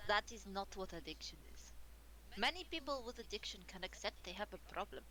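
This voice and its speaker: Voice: mid-range voice, sing-song, brisk, pushed and bright, poor audio. A player voicing a very old scientist in a tabletop game, who lectures in stiff, formal sentences without contractions. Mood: disapproving. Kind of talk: in-character tabletop role-play.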